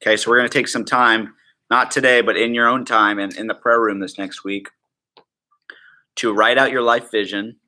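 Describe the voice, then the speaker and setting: A man teaching a class at a prayer school in a casual, joking way, full of asides and quick check-ins with the room. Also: lowish voice, fairly even intonation, sharp tone. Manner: chatty, joking, full of "like" and "right?".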